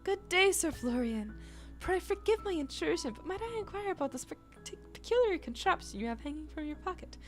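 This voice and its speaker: A woman's voice: very high-pitched, big pitch swings, brisk, faint music behind, voice pushed up. A woman voicing a courtly knight woman in a game, speaking in archaic, formal phrasing. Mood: curious. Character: courtly knight woman, old-fashioned and curious.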